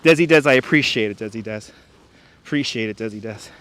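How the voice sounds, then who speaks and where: A man's voice: fairly low pitch, fast talker, a bit bright, slight background noise. A man live-streaming outdoors on a frozen beach, chatting casually and greeting viewers by name on a wireless lapel mic. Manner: chatty, greets viewers and reads chat names aloud. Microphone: wireless lapel mic, phone on gimbal.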